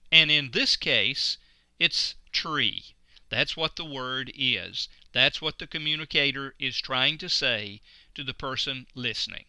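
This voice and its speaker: Male instructor, very bright and crisp, dry close recording, measured lecture delivery. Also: on the high side, dry recording. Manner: slow, deliberate emphasis on key words.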